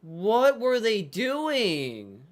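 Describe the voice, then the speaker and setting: A man runs a live football reaction stream, his voice sitting high for a man. He flips between muttered play-by-play and exasperated, swearing outbursts. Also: wildly swooping pitch, extremely slow. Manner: exasperated, swears constantly, shouts in disbelief. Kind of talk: live game reaction commentary.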